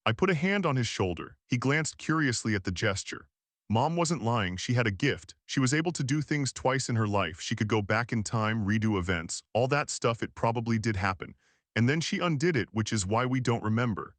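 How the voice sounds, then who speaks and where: Give me a man reading a novel aloud, calm and steady, dry and close. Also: mid-range voice, fairly quick, no echo. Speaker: narrator. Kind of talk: audiobook narration.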